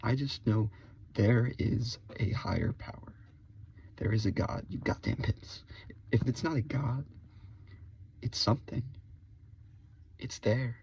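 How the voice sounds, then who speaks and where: A man giving a mock-serious comedic rant to camera, switching between hushed whispers and loud outbursts. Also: mid-range voice, slow, vocal fry, pauses often, a little hiss or hum. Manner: spells out words letter by letter. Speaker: video creator. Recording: dull lo-fi recording.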